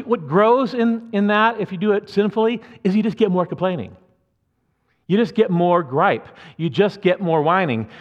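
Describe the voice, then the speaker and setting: A man preaching a sermon as pastor, conversational and earnest, with asides to the congregation. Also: high-pitched. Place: church sanctuary. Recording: muffled church hall reverb.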